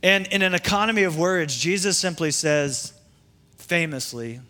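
A man's voice: fairly high pitch, animated, normal speed, sharp tone. A man pastor preaching a sermon in a conversational way, with asides and restarts.

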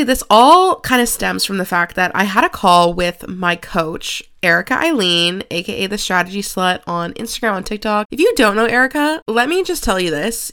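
A young woman in her twenties hosting her own podcast, talking alone into the mic. She speaks with open, confessional frankness, swears casually and fills her sentences with "like" and "you know". Her pitch sits in the middle range for a woman. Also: a bit bright, smooth. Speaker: podcast host. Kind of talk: candid solo podcast monologue.

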